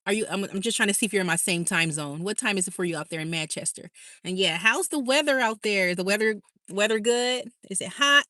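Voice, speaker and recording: A woman's voice: medium pitch, fast talker, pushed and bright, no room sound, studio quality. A woman hosting a casual livestream, reading out viewer comments in a bubbly, chatty way and laughing often. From California. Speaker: livestream host.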